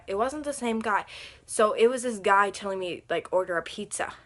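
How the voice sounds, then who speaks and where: Brief: casual vlogger woman, rambling and chatty, bright edge, recorded at home. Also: medium pitch. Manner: rambling, chatty, lots of fillers. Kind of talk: casual storytime vlog. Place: room at home under a lamp.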